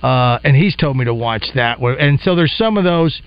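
Middle-aged man, radio co-host, playful questions, lively pitch, lo-fi. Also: normal speed, clear, resonant tone, no echo. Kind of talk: casual radio chat. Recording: dull lo-fi broadcast sound.

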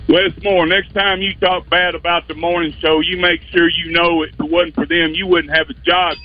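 A man voicing a gruff, loyal fan who delivers a blunt, insulting rant. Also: fairly high pitch, flat delivery, moderate pace, muffled recording, close to an everyday voice. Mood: scolding.

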